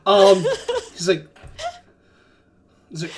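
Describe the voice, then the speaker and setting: A woman running a tabletop game as game master, narrating in an animated, chatty way and laughing often. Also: fairly low pitch, unhurried, long pauses.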